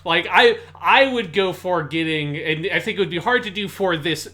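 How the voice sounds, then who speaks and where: A man co-hosting a podcast in casual chat, inquisitive and deliberate with a dry edge. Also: high voice, bright, forceful tone. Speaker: podcast co-host.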